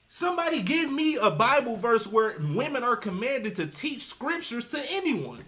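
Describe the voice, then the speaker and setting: A man's voice: very high-pitched, sing-song, normal speed, hardly any pauses, pushed and bright. A man giving casual livestream commentary with a preachy, emphatic, rambling delivery that keeps citing scripture. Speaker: streamer commenting on reaction videos.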